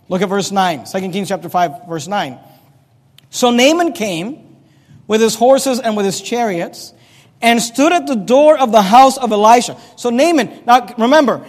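A male pastor with a strikingly high voice preaches a sermon, walking through the text in a chatty manner and breaking off for humorous asides. His words ring out with a long reverb from the church around him.

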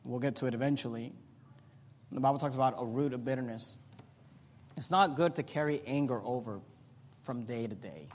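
A man preaching a sermon as pastor. He swings between loud, emphatic peaks and quiet, teaching passages. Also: medium pitch, normal speed, long pauses, long reverb tail.

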